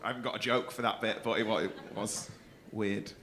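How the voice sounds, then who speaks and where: A man hosting a comedy night, chatting to the room and building up to shouted introductions of the next act. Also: on the low side, fairly even intonation, brisk. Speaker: comedy compere. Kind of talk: stand-up hosting. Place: comedy club stage. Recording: clear background noise in club.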